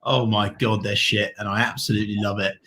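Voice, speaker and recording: A man co-hosting a livestream, excitably reading out donations and thanking each donor effusively. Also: lowish voice, fairly quick. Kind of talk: casual livestream chat.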